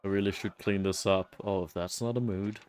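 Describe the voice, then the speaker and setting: A man's voice: deep voice, fairly even intonation, a little fast, darkish tone, clean tone. A man streaming a game, chatting casually, easily delighted and cursing now and then. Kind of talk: casual gameplay commentary.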